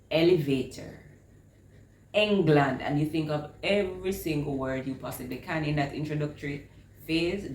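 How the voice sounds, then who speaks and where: A woman teaching phonics, sounding out short vowel words slowly and with heavy emphasis. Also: low-pitched, darkish tone. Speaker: reading teacher. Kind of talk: instructional talk on phonics. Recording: echoey room with faint ambience.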